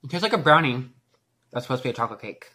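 Bright-voiced young man, rambling vlog chat. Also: medium pitch, animated, racing. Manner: rambling, filler-heavy, swearing, self-mocking. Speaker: vlogger. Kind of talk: casual baking vlog chat. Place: home kitchen.

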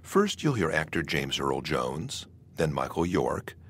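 A man giving scripted educational narration about reciting poetry, measured and explanatory. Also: extremely low pitch, sing-song, a bit bright, husky.

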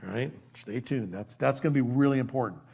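A man, an older pastor, preaching a conversational verse-by-verse sermon, folksy and animated, acting out quoted lines and dropping into quiet asides. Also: mid-range voice, a little fast, gravelly, slightly rough.

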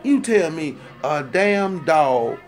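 A man's voice: on the high side, slow, soft background music. A man delivering a comic rant, heated, profane and rambling, repeating himself for emphasis. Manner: animated, rising to loud indignant outbursts. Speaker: storyteller ranting to camera.

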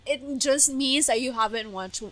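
A woman hosting an anime reaction video, talking casually and gushing with excited exclamations. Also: high-pitched, normal speed, a little hiss or hum.

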